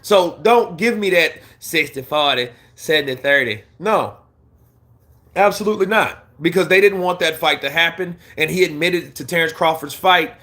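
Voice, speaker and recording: Bright forceful guy doing a boxing livestream, blunt, goes off loud then mumbles to himself, reads chat. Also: normal speed. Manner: animated and blunt, swings from heated rants to low mumbling asides. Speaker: boxing commentary livestream host. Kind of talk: casual livestream commentary, reading chat.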